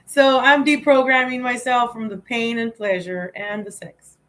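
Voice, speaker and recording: Woman, livestream host, slightly high pitch, rambling, repeats phrases, laughs often. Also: steady tone, takes it slowly, rough recording. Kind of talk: casual spiritual livestream talk.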